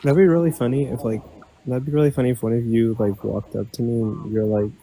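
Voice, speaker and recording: Male livestream guest, mellow tone, dry halting humor, faint background noise. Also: medium pitch, rough recording. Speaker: livestream participant. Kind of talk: casual group chat.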